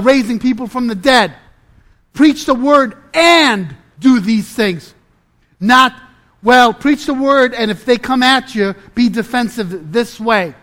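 Slow, high-voiced male preacher. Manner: deliberate, emphatic, dropping to a low intense hush. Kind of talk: sermon.

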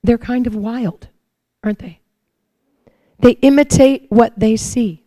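A woman giving a sermon, telling lively personal stories and acting out her own prayers and the answers she hears. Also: fairly high pitch, takes it slowly, dry recording. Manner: animated storytelling, acts out her own prayers and God's replies. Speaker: preacher.

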